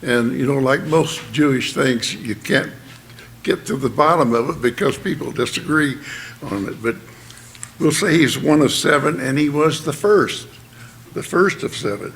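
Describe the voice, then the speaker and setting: A man giving a sermon, explaining plainly in a halting way with many fillers and restarts. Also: mid-range voice, creaky, a bit bright. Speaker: church speaker.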